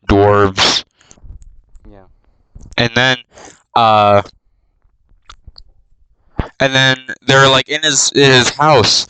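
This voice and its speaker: A man's voice: mid-range voice, sharp tone, clean tone, poor audio. A man giving a meandering, flippant comic retelling, full of asides and fillers. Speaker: YouTube spoof narrator.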